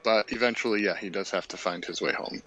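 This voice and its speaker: A man's voice: fairly low pitch, fast, fairly bright tone, dull audio. A man narrating a tabletop game casually, rambling with many fillers.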